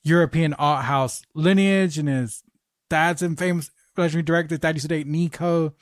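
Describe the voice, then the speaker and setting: A podcast host tells stories in a casual, animated way and swears freely. His voice sits a bit above the usual pitch for a man. The sound is close and dry, with no room echo. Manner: animated anecdote teller, swearing, quick asides. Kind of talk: casual podcast chat, storytelling.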